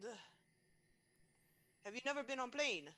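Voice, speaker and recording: A woman's voice: on the high side, expressive, brisk, natural voice. A woman voicing a blunt, impatient character with an exaggerated put-on Russian accent. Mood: scolding. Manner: blunt, scolding.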